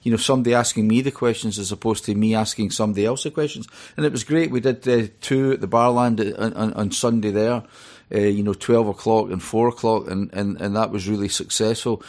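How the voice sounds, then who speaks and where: A man's voice: on the low side, fairly even intonation, fairly quick, a little mellow. Chatty Scottish man telling stories. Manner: chatty storyteller, rambling with many fillers. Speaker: author and DJ guest. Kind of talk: radio interview.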